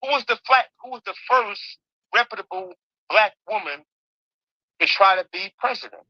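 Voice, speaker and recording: Male panelist, bright pushy tone, interrupts and swears, muffled dry call audio. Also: high voice, animated, moderate pace, no echo. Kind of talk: casual political chat. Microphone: remote call microphone.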